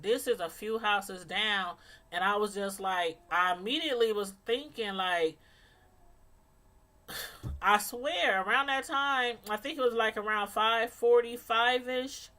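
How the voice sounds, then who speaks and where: A middle-aged woman vlogger telling a story in a casual, animated way, laughing often and using many fillers. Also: medium pitch.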